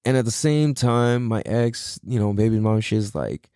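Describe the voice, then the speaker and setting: A man's voice: lowish voice, animated, moderate pace, few pauses, dark tone, smooth, no room sound, studio quality. A tired young man hosting a casual solo podcast, talking in a laid-back, slangy way with a lot of swearing. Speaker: podcast host.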